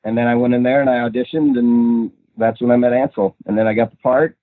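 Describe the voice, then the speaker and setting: A man's voice: medium pitch, steady tone, fast talker, no echo. A young man from Minnesota, an actor, chatting in an interview in a rambling way with lots of fillers and laughs. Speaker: actor, guest. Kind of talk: casual interview chat. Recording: tinny phone-like line, dry.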